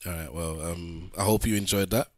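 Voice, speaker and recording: A man's voice: low voice, steady tone, moderate pace, a little mellow, no room sound, clean studio sound. A man hosting a casual podcast chat, opening the show with playful, showman-like intros. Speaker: podcast host.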